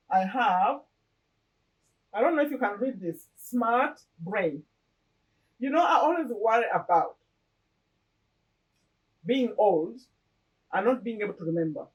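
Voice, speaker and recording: A woman's voice: medium pitch, darkish tone, far from the mic, rough recording. Earnest woman vlogger, a bit off-mic. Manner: earnest, repeats and restarts phrases. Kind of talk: casual personal talk to camera.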